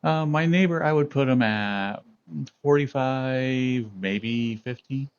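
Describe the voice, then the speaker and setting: A man's voice: mid-range voice, slow, smooth, lo-fi sound. A man streaming, chatting casually and telling a story to his viewers, laughing often. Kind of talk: casual chat with chat readers.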